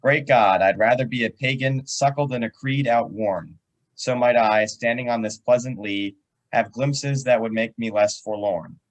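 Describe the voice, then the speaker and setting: A young man reading a poem aloud in an online class, steady and measured. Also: mid-range voice, low-quality recording. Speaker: student. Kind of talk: poetry reading. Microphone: video call.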